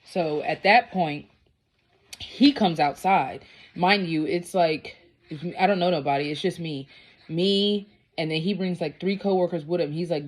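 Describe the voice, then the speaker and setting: A woman's voice: fairly low pitch, measured pace. A woman vlogger telling a personal story in a casual, blunt, profane and rambling way.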